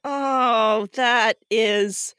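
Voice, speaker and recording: Female podcast co-host; high, bright voice, giggly and relaxed, dry room. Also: very slow, clear, resonant tone, no echo. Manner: laughs often, reads game cards aloud. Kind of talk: casual podcast chat.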